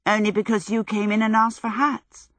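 A woman's voice: medium pitch, little pitch movement, normal speed, fairly bright tone, no room sound, studio quality, close to an everyday voice. Timid storybook shop girl, quavery; woman narrator voicing her. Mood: indignant. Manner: flustered, quavering. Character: young female hat-shop girl, timid. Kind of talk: audiobook character voice.

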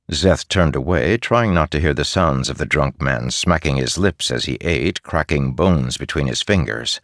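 A man narrating a story as an audiobook in an expressive reading style. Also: extremely low pitch, normal speed, few pauses, dry recording, studio quality.

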